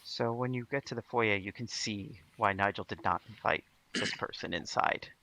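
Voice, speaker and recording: A man narrating as game master of a tabletop role-playing game, halting and full of restarts. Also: on the low side, pushed and bright.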